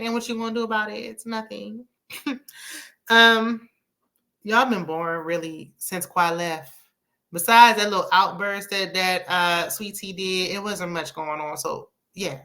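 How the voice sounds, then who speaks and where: A woman with a bright, clear voice talks through a reality show episode in a loose, gossipy way. She is sassy and chatty, breaks into laughs now and then, and keeps a relaxed recap flow. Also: medium pitch. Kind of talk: casual TV recap commentary.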